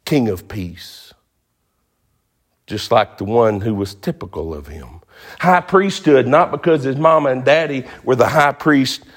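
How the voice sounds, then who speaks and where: A man's voice: medium pitch, animated, unhurried. A male pastor preaching a sermon in a folksy, emphatic way, repeating phrases for stress.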